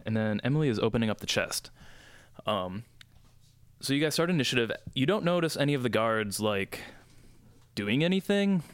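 A man's voice: medium pitch, lively intonation, normal speed, long pauses, smooth, no echo. A young man running a tabletop game as dungeon master, explaining rules casually with plenty of fillers.

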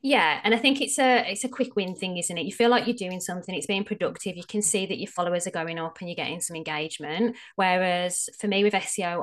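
Woman, Australian accent, slightly low voice, casual, frank explainer, podcast guest. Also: fairly bright tone. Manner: explanatory, frank, with frequent fillers. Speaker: SEO strategist guest.

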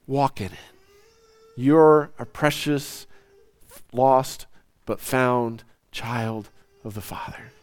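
A man preaching a sermon, swinging from loud, soaring lines down to near whispers. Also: medium pitch, extremely slow, long pauses, clean tone, dry recording. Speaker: pastor.

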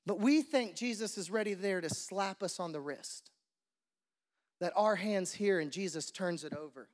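A man's voice: sits high, normal speed, in a large hall. A man preaching a sermon as pastor, conversational and repeating his questions for emphasis. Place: church.

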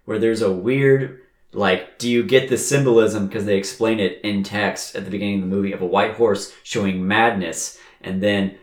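A man's voice: fairly low pitch, fairly even intonation. Sarcastic man recapping films in an echoey room. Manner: rapid sarcastic plot recaps with put-on quotes. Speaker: podcast co-host. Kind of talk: casual movie review chat.

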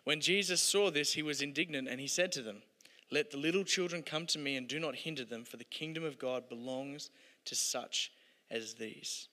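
A man delivers a sermon in an earnest, storytelling way, his voice bright and clear. He lets each point fade to a soft close, and the sound rings with the long reverb of a church hall. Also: fairly high pitch, moderate pace. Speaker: pastor.

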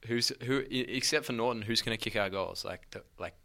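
An Australian man with a sore throat co-hosts a casual sports podcast. His voice is bright and a little low, and he talks like an eager, jokey fan. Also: a little fast, creaky. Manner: enthusiastic, jokey fan talk. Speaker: podcast co-host. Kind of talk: casual chat.

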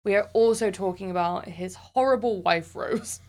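A woman from southwest England co-hosting a casual podcast, wry and quick to laugh. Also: mid-range voice, darkish tone. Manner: laughing, wry, matter-of-fact. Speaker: podcast co-host.

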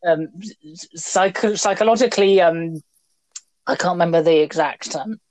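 A woman's voice: fairly low pitch, moderate pace, darkish tone, no room sound. A young British woman hosting a podcast in a casual chat, rambling and joking with many fillers and restarts. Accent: British English. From Britain. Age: young adult. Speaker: podcast host.

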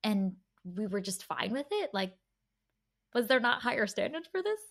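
Woman podcast co-host, animated and chatty, mid-pitched. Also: moderate pace. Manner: animated, quotes her own reactions, restarts often. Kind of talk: casual film review chat.

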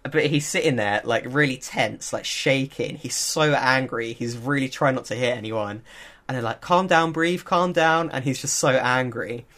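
A man co-hosting a relaxed podcast, recounting a story in an animated way. He leans on fillers like "like" and "um" and breaks into short laughs. His voice sits in a middle pitch. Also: normal speed. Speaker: podcast co-host. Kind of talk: casual chat.

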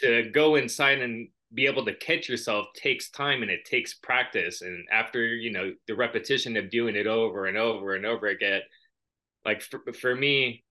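A man's voice: medium pitch, moderate pace, bright, forceful tone. A man co-hosting a podcast, talking reflectively in casual chat and telling personal stories. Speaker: podcast co-host.

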